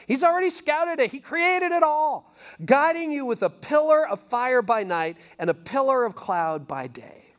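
A man preaching a sermon in a casual, conversational way, swinging from emphatic lines to near-whispers. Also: extremely high pitch. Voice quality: animated, conversational preaching with sudden soft drops. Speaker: pastor.

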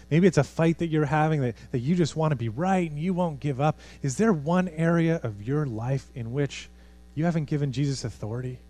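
Earnest pastor preaching. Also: male voice, mid-range voice. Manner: earnest, swings from animated to hushed. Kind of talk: sermon.

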